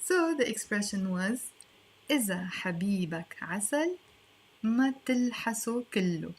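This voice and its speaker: A woman's voice: medium pitch, expressive, a little fast, slightly rough. A woman teaching a language lesson online, explaining in a playful, chatty way with asides.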